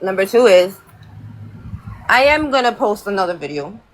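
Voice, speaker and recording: A woman's voice: mid-range voice, sing-song, normal speed, poor audio. A woman hosting a livestream, talking in a heated, profane rant and repeating herself. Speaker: livestream host.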